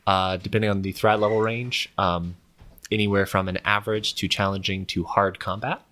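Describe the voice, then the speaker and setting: A man's voice: lowish voice, flat delivery, normal speed, pushed and bright. A man acting as game master, explaining rules and narrating scenes with fillers and restarts. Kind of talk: running a tabletop game.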